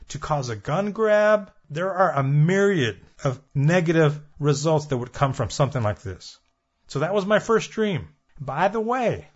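A man hosting his own prophecy program, delivering an earnest, repetitive warning monologue straight to his listeners. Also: on the high side. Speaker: prophecy radio program host. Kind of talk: preaching monologue. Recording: dull lo-fi audio.

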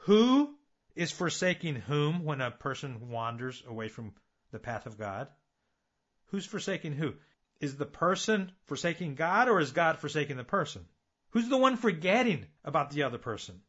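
Guy preaching, earnest, lots of rhetorical questions, slightly high voice, muffled recording. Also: big pitch swings, normal speed, fairly bright tone, breathy edge. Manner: earnest, builds with repeated phrases and rhetorical questions. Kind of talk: sermon.

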